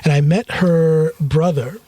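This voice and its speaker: Husky-voiced American man telling stories. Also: on the high side, a little slow, warm tone, no echo. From United States. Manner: storytelling, laughs often. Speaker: podcast host. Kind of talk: casual conversation.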